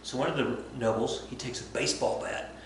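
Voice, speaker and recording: A man at a medium pitch tells a history story to his class in a casual, chatty way, often slipping into acted-out dialogue. His voice bounces around a very echoey room, with faint noise underneath. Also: a little fast. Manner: chatty, animated, acts out dialogue. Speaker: history teacher.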